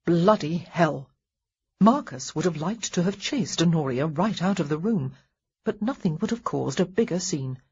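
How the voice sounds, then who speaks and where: A woman narrating an audiobook in a wry, expressive storytelling manner. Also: fairly low pitch, moderate pace, husky, lo-fi sound. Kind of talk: scripted narration.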